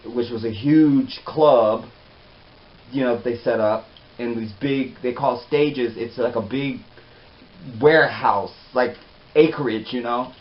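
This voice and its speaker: Man, mid-pitched voice, casual animated storytelling, slightly muffled audio, faint hiss. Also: slow pace. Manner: chatty, animated, trails off softly.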